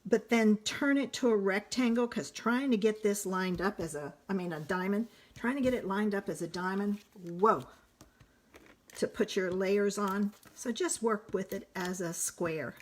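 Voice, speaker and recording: A woman demonstrating card making on a live stream, chatting casually and thinking aloud as she works. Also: mid-range voice. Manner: chatty, thinks aloud, slow and unhurried, self-correcting. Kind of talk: casual live crafting demo.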